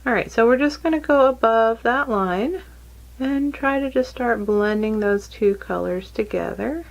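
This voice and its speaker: A woman's voice: on the high side, a little slow, gravelly, rough recording. A woman with a Texan accent, casually talking through a makeup tutorial at home, chatty and self-deprecating. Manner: chatty, self-deprecating, talks to her cat in baby talk. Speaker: makeup vlogger. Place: home, indoors.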